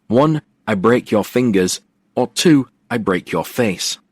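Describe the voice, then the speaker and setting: A man's voice: fairly low pitch, animated, slow pace, breathy edge, dry recording, clean studio sound, full character voice. A man voicing Hammer, a menacing casino heavy. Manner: threatening, mocking.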